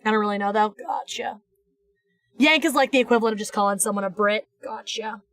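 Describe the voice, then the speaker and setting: Playful, fairly high-voiced woman. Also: brisk, fairly bright tone, no echo. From United States. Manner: playful, rambling, with restarts and teasing asides. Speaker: streamer. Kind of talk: casual live-stream chat while drawing.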